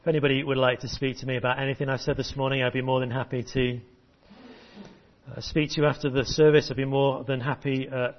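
A man's voice: medium pitch, flat delivery, fast talker, dull audio. A man preaching a sermon and leading children through a memory verse, encouraging and call-and-response. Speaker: pastor. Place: church service.

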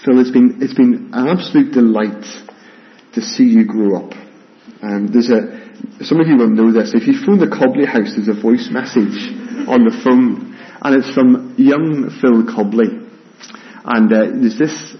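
A man's voice: mid-range voice, lively intonation, unhurried, highs cut off, slight background noise. A man preaching a sermon as pastor, earnest, often repeating words as he starts a phrase. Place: church, with rain heard outside.

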